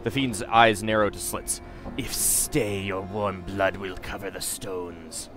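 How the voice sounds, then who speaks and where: A man voicing a towering, hostile male reptile fiend with a low, rasping, hissing voice. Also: steady tone, slow pace, music in the background. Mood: menacing.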